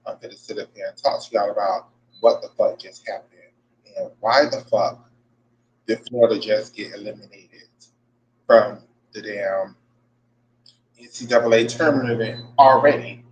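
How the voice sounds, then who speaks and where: A man's voice: on the low side, moderate pace, pauses often, highs cut off, slight background noise. A man hosting a casual podcast from his workplace, venting in an exasperated, profane way and repeating himself. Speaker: podcast host. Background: faint buzzing ambience.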